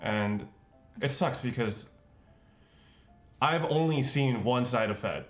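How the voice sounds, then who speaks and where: A man talking earnestly on a livestream, halting and full of filler words. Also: mid-range voice, soft background music. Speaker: streamer. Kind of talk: casual chat.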